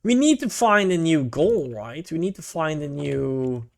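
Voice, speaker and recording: Chill guy streamer rambling to chat, kinda high voice, slow and dry. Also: animated, vocal fry, no echo. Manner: laid-back, rambling, swears casually. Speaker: VTuber streamer.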